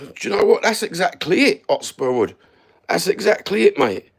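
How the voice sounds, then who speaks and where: A man's voice: high-pitched, lively intonation, moderate pace, creaky, slightly rough. A man ranting to camera, blunt, sweary and heated, standing while he films himself. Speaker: YouTube content creator. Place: standing somewhere, filming himself.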